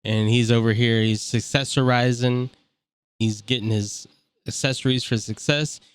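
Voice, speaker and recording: A man's voice: medium pitch, fairly even intonation, moderate pace, clean tone, dry recording. A man giving casual, joking let's-play commentary over a game, full of slang and mocking asides. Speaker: gameplay commentator.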